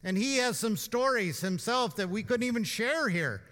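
High bright-voiced man preaching. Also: expressive, moderate pace, in a large hall. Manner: informal and emphatic, with asides and rhetorical questions. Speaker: pastor. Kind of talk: conversational sermon. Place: church.

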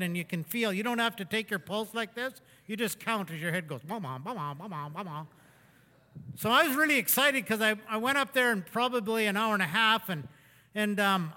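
Man, high bright voice, folksy rambling sermon storyteller, long hall reverb. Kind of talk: anecdotal sermon talk.

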